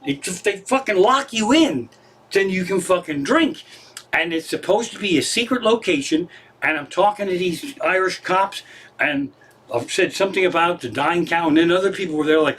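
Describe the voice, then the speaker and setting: A man's voice: high voice, animated, brisk, a bit bright. A middle-aged man, a comedian, telling a rambling, profane story in a casual live stream from his living room.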